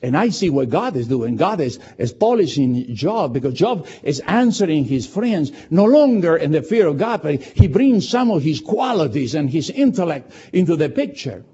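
A man preaching a sermon, animated and emphatic, with many restarts. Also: a little high, normal speed, few pauses, husky. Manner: animated, repetitive restarts, rising to emphatic shouts. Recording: dull lo-fi sound.

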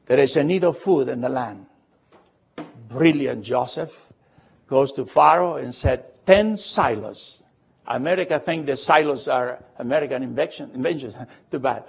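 A man preaching a sermon and retelling a Bible story in a lively storytelling way, often asking the congregation questions. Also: mid-range voice, moderate pace, vocal fry, breathy edge, muffled recording.

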